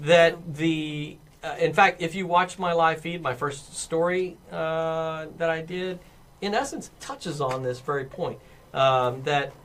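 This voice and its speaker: High, bright-voiced man hosting. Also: takes it slowly. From Texas. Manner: rambling, many restarts and fillers. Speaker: stand-in host. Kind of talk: casual chat. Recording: music playing in background.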